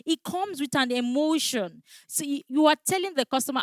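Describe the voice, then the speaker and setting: A woman's voice: sits high, a little fast, no room sound. A woman teaching a customer service training class, speaking emphatically and often checking in with "all right?". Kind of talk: training lecture.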